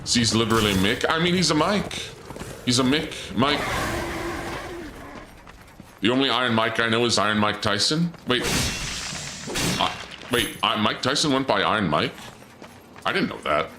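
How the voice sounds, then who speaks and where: Streaming a game, this man talks casually to viewers and rambles through a story, often trailing off and starting sentences over. His mid-range voice has lively intonation at normal speed with frequent pauses, over background noise and music.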